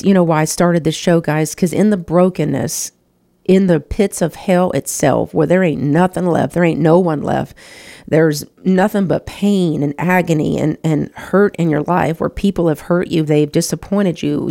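A woman with a lowish voice tells her own story of loss and faith. She talks straight to her listeners, earnest and emotional, and calls them "y'all.". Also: creaky, warm tone. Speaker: show host. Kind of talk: personal testimony.

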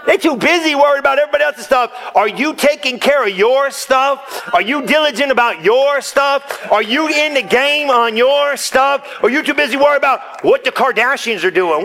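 A man preaching a sermon in church, energetic and joking with the congregation, sometimes rising close to a shout. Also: extremely high pitch, moderate pace, vocal fry, hardly any pauses. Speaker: pastor.

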